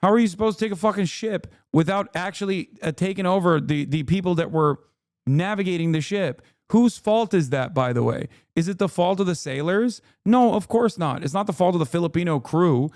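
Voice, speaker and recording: A man in the middle of a heated livestream rant, swearing and mocking as he goes. His voice is a bit high and worn hoarse from talking. The sound is dry and close to the mic. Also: lively intonation, fairly quick, darkish tone, no room sound. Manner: angry, swearing, sarcastic rants. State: losing his voice. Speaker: streamer reacting to a video.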